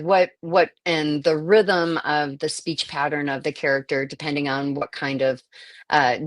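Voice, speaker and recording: Low-pitched woman voice actor, interview chat, dry close sound, lots of ums. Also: a bit bright, no echo. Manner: thoughtful, searching, many fillers and restarts. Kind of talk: interview conversation.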